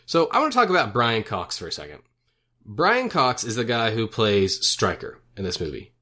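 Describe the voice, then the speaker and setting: A man's voice: lowish voice, big pitch swings, moderate pace, sharp tone. A young man co-hosting a movie podcast, chatting casually, rambling and correcting himself as he goes, chuckling at his own jokes. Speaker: podcast co-host. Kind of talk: casual movie review chat.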